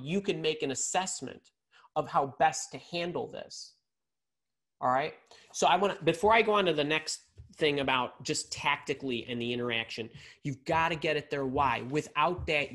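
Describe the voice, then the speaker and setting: Energetic man coaching with lots of "right?". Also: normal speed. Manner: energetic, peppers talk with "right?" and repeats words; swings pitch and loudness for emphasis. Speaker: career and leadership coach. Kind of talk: live leadership lesson to an audience.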